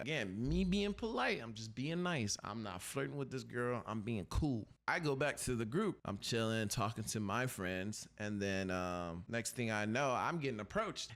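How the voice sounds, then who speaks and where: A young man hosting a podcast, telling a casual story and acting out the voices in it with big jumps in pitch. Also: fairly bright tone. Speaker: podcast host.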